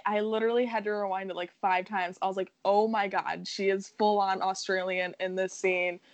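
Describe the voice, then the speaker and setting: A woman with a mid-range voice co-hosts a relaxed film chat. She laughs easily and gives her opinions bluntly, with casual swearing. The sound is dry and close. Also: medium pitch, no room sound. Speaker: co-host, film site editor.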